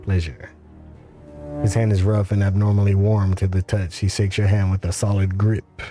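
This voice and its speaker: A man streaming a game, reading its text aloud in a steady, even way. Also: fairly low pitch, brisk, music in the background.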